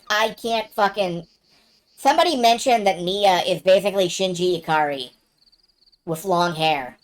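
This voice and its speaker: A woman's voice: on the low side, normal speed. A woman chatting casually and swearing offhandedly while live-streaming a game.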